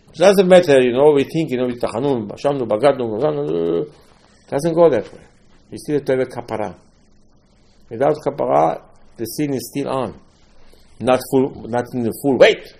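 A religious teacher leads a Torah class as a lively storytelling sermon, mixing Hebrew terms into his English and swinging between loud bursts and quiet asides. His medium-pitched voice is gravelly, at a normal speed.

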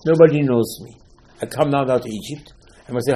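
Man giving an animated, dramatic Torah sermon. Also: medium pitch, fast talker. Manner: dramatic, swings from loud exclamations to hushed asides, voices characters in dialogue. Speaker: rabbi giving a Torah class.

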